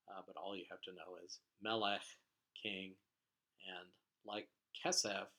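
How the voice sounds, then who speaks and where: Patient lower-voiced man teaching vocabulary. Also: bright, forceful tone. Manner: patient, explanatory, frequent "uh" fillers. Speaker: Hebrew teacher. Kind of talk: recorded vocabulary lecture.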